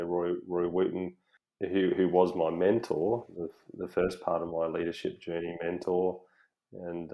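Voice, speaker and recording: A man in his forties, a guest talking relaxed and reflective in an interview. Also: deep voice, low-quality recording. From Australia. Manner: relaxed, reflective, many fillers. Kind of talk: casual conversational interview.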